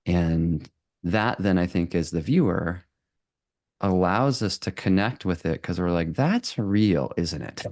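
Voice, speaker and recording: A man speaks to a live audience in a low, dry-sounding voice. His delivery is animated and conversational, full of fillers, restarts and quick laughs. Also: no echo. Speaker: photographer giving a talk.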